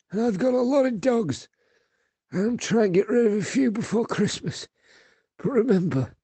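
A man voicing a shifty male dog seller in a spoof radio ad, with a husky, put-on salesman pitch. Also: dark tone, no room sound, heavily acted.

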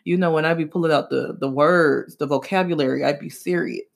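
Young woman podcast host, blunt commentary, emphatic with sharp high jumps, slangy and swearing. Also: steady tone, a little fast, vocal fry. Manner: casual slangy talk with swearing.

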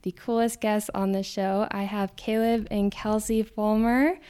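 A woman from Idaho hosting a casual podcast interview, upbeat and quick to laugh. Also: mid-range voice, little pitch movement, mellow, smooth. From Idaho, USA. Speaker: podcast host.

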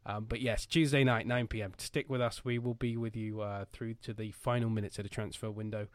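A man's voice: lowish voice, fairly even intonation, brisk, no echo. Jokey man hosting a football chat. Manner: jokey and rambling, with many fillers. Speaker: podcast host. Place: home.

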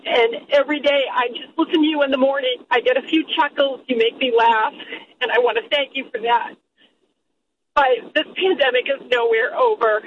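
A woman calling in to a radio show, heated and halting, repeating herself as she talks. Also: high voice, muffled recording, slight background noise. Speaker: caller, healthcare worker. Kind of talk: phone-in call.

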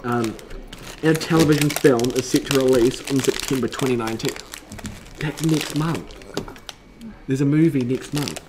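A restless, joking man bantering on a casual podcast and reading notes aloud in a mid-pitched voice. He repeats words and trips over sentences, sometimes mumbling quietly before reading louder, with a faint hiss behind him. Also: moderate pace, long pauses. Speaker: podcast co-host.

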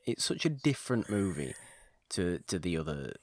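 A man with a very low voice leads a casual podcast chat, rambling eagerly and doubling up on his words. The sound is dry and close, with no room echo. He keeps talking as a steady host. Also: normal speed. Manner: enthusiastic, rambling, repeats words.

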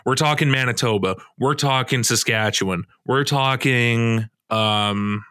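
A man co-hosts a casual podcast chat in an easygoing, joking way. His voice sits at a middle pitch. The recording is dry and close. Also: measured pace, sharp tone, clean tone, dry recording. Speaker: podcast co-host.

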